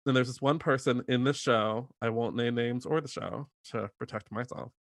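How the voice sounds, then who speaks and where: Animated, laughing man chatting. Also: medium pitch, moderate pace, vocal fry, no room sound, studio quality. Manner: animated, laughing, slipping into quoted voices. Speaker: podcast host and theater performer. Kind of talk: casual chat.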